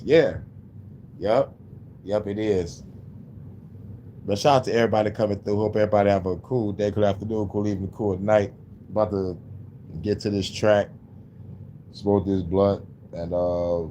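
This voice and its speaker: Deep-voiced man venting on a livestream. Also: darkish tone, slight background noise. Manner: profane, rambling venting. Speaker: livestreaming musician. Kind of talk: casual livestream talk.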